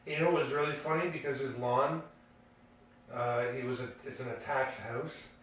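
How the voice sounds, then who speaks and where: A man's voice: medium pitch, moderate pace. A man, co-hosting a podcast and telling a story casually, rambling with fillers and restarts. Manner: rambling, full of fillers and restarts, laughing at his own story. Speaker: podcast co-host. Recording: echoey room, distant mic.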